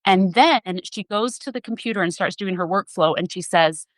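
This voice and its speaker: A woman's voice: mid-range voice, moderate pace, hardly any pauses, no echo, rough recording. A woman physician assistant, a podcast guest, telling a personal story in an earnest, emotional way.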